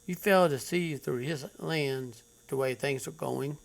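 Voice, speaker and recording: Reading stories aloud on his channel, this host follows them with blunt, preachy commentary, lecturing with strong emphasis. He speaks unhurriedly in a gravelly, medium-pitched voice.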